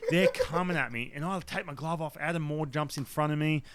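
A man's voice: a little high, brisk, noisy background. A man from Australia with an Australian accent, a guest telling a story in casual chat. He acts out what other people said, blunt and swearing now and then. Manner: animated, acts out the dialogue of others. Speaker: podcast guest, former baseball pitcher.

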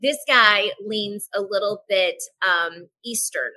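A woman guest on a podcast, telling a personal story in a frank, animated way and acting out the dialogue. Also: medium pitch, low-quality recording. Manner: animated, acts out dialogue in quick voices; frank, swears casually. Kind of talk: candid personal storytelling in a casual podcast chat.

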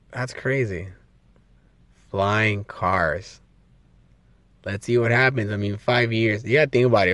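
A young man hosts a solo podcast, speaking at a medium pitch in a dry recording. He rambles casually and excitably, swearing a lot and restarting often, and his voice sounds a bit strained from talking so long.

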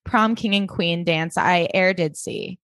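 A woman's voice: fairly low pitch, a little slow, fairly bright tone, dry recording. A woman co-hosting a podcast, recapping a TV episode in casual chat and acting out quoted lines. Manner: chatty, acts out quoted lines. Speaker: podcast co-host.

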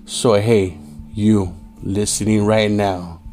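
Fairly low-pitched and slightly mellow, he speaks slowly with a flat delivery while hosting his casual podcast alone, sounding worn out. Expect swearing, street slang, frequent "yo," and loud mimicry of angry drivers.

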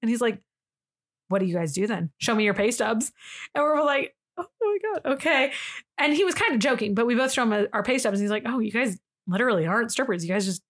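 Animated young woman telling a story. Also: on the high side, fast talker. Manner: animated, laughing, acts out quoted voices. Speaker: podcast co-host. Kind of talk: casual storytelling chat.

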